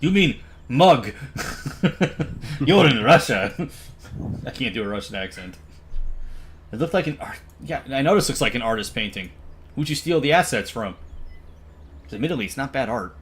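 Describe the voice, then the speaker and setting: A man's voice: mid-range voice, expressive, a little fast, long pauses, fairly bright tone. Playful man reading game text aloud. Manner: playful, reads lines with mock voices and laughs. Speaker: streamer playing a visual novel.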